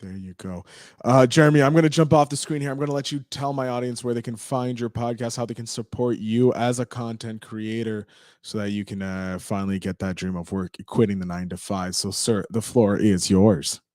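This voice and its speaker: A man's voice: on the low side, steady tone, brisk, darkish tone, no room sound, studio quality. A man hosting a podcast who interviews a guest in an upbeat, encouraging way over a video call. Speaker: podcast host.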